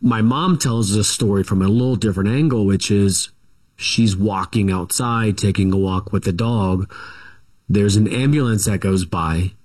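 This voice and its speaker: A man's voice: lowish voice, normal speed, darkish tone. A middle-aged man, a guest author in an interview, recounts his family history casually, with many fillers, restarts and self-corrections.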